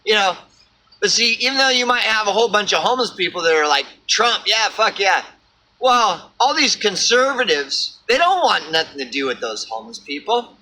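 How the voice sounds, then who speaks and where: High, sharp-toned ranting man. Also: big pitch swings, fairly quick, poor audio. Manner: profane, rambling, repeats words. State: homeless. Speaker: vlogger. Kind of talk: ranting monologue.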